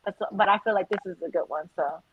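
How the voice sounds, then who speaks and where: A woman's voice: mid-range voice, quick pace. Rambling woman on a dull lo-fi line. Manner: rambling, hesitant. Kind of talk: casual chat. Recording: dull lo-fi line, faint noise.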